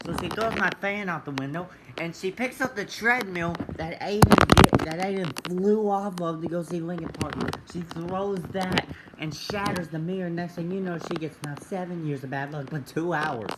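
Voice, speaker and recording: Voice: mid-range voice, normal speed, few pauses, heavy background noise. A vlogger rambling through a silly made-up story with lots of ums and asides. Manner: silly, rambling, many fillers.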